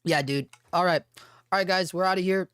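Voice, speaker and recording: A man hosting a live stream, chatting casually and reading viewer comments in a rambling, profane way, his voice hoarse and giving out. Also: high-pitched, fairly even intonation, a little fast, a bit bright, no room sound, studio quality.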